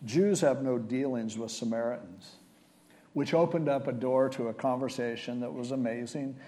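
Man preaching in a relaxed, mellow voice. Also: mid-range voice, normal speed. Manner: casual, conversational retelling of scripture. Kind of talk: sermon.

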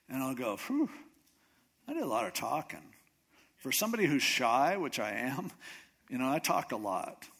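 A man's voice: a little high, fairly bright tone. A man preaching a conversational, self-deprecating sermon. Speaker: pastor.

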